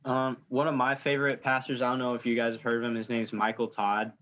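A man's voice: medium pitch, monotone, quick pace, dull audio. A man in a casual faith discussion, speaking in a matter-of-fact way.

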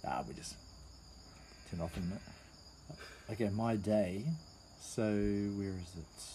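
Casual podcast co-host, a man with a New Zealand accent and a lowish voice, relaxed and prone to trailing off; faint insect hum behind him. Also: measured pace. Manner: easygoing, laughs often, trails off mid-sentence. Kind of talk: casual chat.

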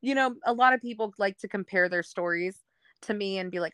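A woman's voice: medium pitch, steady tone, fast talker, fairly bright tone, smooth, no room sound, clean studio sound. A young woman telling her life story candidly in a casual podcast chat, laughing often and acting out what others said. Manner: candid, laughs often, acts out quoted people. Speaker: podcast guest.

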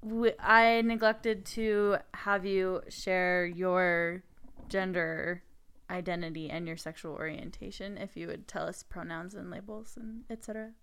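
A woman's voice: fairly low pitch, steady tone, measured pace, clear, resonant tone. Giggly woman co-hosting a chat. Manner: giggly, encouraging listener. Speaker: podcast co-host. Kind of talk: casual chat.

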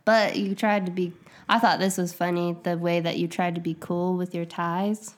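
A chatty woman joins a casual conversation, teasing the others. Her voice sits a bit low for a woman. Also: flat delivery, normal speed. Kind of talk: casual chat.

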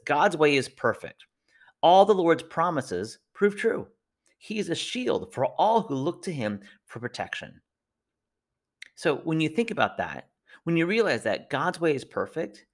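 A man's voice: medium pitch, a bit bright. Earnest man hosting a devotional podcast. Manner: earnest, encouraging, speaks straight to the listener. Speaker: podcast host.

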